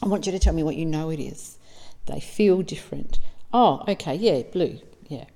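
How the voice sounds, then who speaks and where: A woman's voice: deep voice, normal speed, vocal fry, mellow, big-room sound. A middle-aged Australian woman, a psychic medium, telling stories in casual, earnest talk and acting out bits of dialogue. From South Australia. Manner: earnest, emotional, acts out dialogue.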